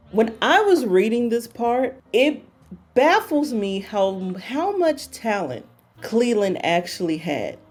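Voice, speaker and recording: A woman's voice: medium pitch, a little mellow, slightly rough. A woman hosting a book talk, retelling a story in a casual, playful way and repeating phrases for emphasis.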